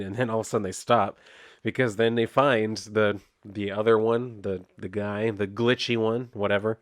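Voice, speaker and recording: A man's voice: lowish voice, fairly even intonation, moderate pace, no echo, clean studio sound. A man casually reviewing a comic book, retelling it in a loose, chatty way with lots of "like". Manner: chatty, laid-back, heavy use of "like", loose retelling.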